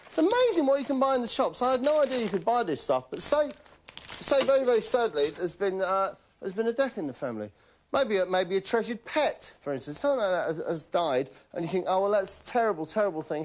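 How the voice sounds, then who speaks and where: A man hosting a comedy show, delivering a rambling deadpan monologue and keeping tagging his lines with "right?". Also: high voice, slight background noise.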